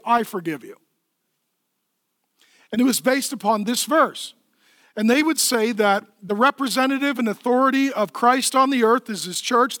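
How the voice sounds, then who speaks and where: A man's voice: very high-pitched, a bit bright, no echo, studio quality. A man preaching a sermon as pastor, emphatic and conversational, asking the crowd questions and answering them himself.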